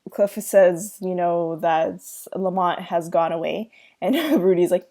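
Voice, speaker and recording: A woman's voice: fairly low pitch, fairly even intonation, moderate pace, hardly any pauses, dark tone. Woman, podcast host, chatty recap, loose and informal. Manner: chatty, many fillers and laughs, retells scenes. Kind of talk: casual episode recap.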